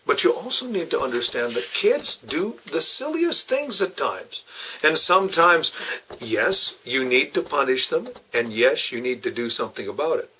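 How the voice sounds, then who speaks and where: Middle-aged male host with a husky, mid-pitched voice. Folksy storyteller who gives parenting advice. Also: sharp tone, rough recording. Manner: folksy storytelling with moral asides. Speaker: radio host. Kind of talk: short parenting talk.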